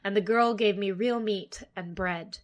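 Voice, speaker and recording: Woman voicing a gentle big guard dog. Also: medium pitch, unhurried, lightly acted.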